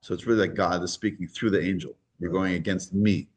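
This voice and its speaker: A man teaching a scripture class, retelling the story with lively animation and acting out the voices. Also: deep voice, a little fast, breathy edge.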